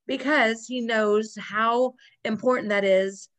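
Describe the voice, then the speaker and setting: A woman's voice: a little high, fairly even intonation, takes it slowly, a bit bright. A woman co-hosting a casual chat, retelling sitcom scenes with quoted lines and frequent laughter. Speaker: podcast co-host.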